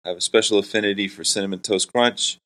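Deep-voiced joking man from Florida. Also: fairly even intonation, fast, a bit bright. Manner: jokey, self-deprecating, rambling. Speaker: Christian hip hop artist and pastor. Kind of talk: casual podcast interview. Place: hotel room.

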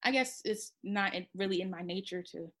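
A soft-spoken woman telling a personal story in a halting way, with many pauses and restarts. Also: medium pitch.

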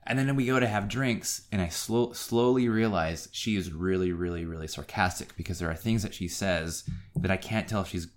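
A middle-aged man co-hosting a podcast, telling a story in a casual way and acting out quotes with sudden high-pitched jumps. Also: normal speed. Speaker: podcast co-host.

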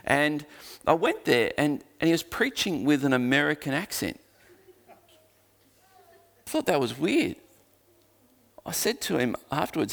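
A man's voice: fairly high pitch, big pitch swings, measured pace, gravelly, long pauses, a bit bright. A man with an Australian accent, preaching a sermon as a pastor in an earnest, conversational way with joking asides.

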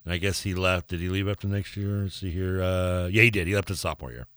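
A man's voice: deep voice, quick pace, fairly bright tone, clear, resonant tone, no room sound, studio quality. A man co-hosting a sports radio show, rambling and laughing often, trailing off mid-sentence. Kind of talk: casual sports talk.

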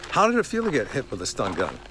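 A man's voice: medium pitch, huge pitch swings, quick pace, background noise. A man in casual chat who laughs a lot and asks follow-up questions.

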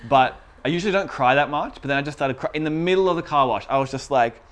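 A man's voice: a little high, fast talker, fairly bright tone. A young man, telling personal stories in a casual chat and laughing often. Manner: chatty, self-deprecating storytelling. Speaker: podcast co-host.

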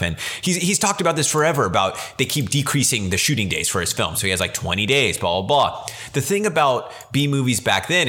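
A man's voice: lowish voice, pushed and bright. A man hosting a podcast, chatting casually and enthusiastically about old films, rambling and correcting himself as he goes. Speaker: podcast host. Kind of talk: casual film chat.

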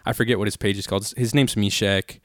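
A man's voice: lowish voice, fairly even intonation, fast talker, no room sound, clean studio sound. A man in his twenties telling rambling, profane stories in casual conversation as a podcast host. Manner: loose, profane, rambling storyteller. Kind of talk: casual storytelling chat.

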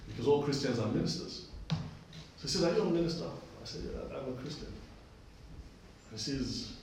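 A man's voice: medium pitch, normal speed, background noise. A man preaching a sermon, telling a personal story and repeating phrases for emphasis. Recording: echoey distant room recording.

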